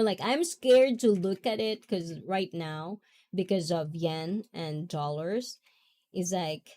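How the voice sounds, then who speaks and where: A giggly woman hosts a relaxed livestream chat, taking her time between words. Her speech is unhurried and drawn out, with frequent laughter as she reads viewer comments. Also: on the low side. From half Japanese, half Filipina. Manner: giggly, chatty, often laughing. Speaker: livestream host.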